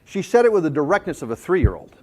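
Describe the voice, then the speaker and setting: A man giving a sales management talk, telling jokey stories in an animated, self-deprecating way to a room. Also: on the high side, fast talker. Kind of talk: storytelling presentation.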